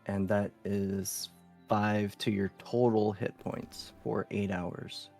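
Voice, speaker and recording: A man playing in a tabletop game, explaining his spell in a measured way. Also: on the low side, flat delivery, creaky, a little mellow, soft background music. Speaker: player.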